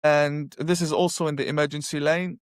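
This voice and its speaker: A man telling his personal testimony in an animated storytelling way, repeating phrases for emphasis. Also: fairly high pitch, a little fast, clear, resonant tone, no room sound, studio quality. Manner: animated, acts out his own past reactions; emphatic repetition. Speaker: guest sharing a conversion testimony.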